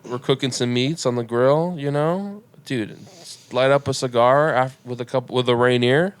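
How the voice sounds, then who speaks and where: A man's voice: medium pitch, moderate pace, clear, resonant tone. A young man co-hosting a casual podcast, talking loosely and rambling, with the odd swear word. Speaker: podcast co-host. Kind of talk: casual chat.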